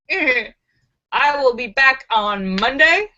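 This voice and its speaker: Giggly woman livestream host, high lively voice, slow unhurried delivery, lo-fi sound. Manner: giggly, laughs often. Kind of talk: casual live joke reading.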